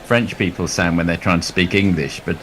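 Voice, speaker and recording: A man's voice: low-pitched, steady tone, a little fast, slight background noise. Man musing over cricket in chatty asides. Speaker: cricket co-commentator. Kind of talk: casual commentary chat.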